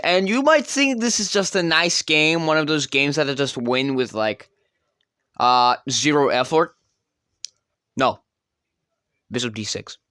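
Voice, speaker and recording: Male commentator with a bright, crisp voice. Rambling and self-correcting. Dry, close mic. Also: a little high, no room sound. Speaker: chess channel creator. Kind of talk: casual game commentary.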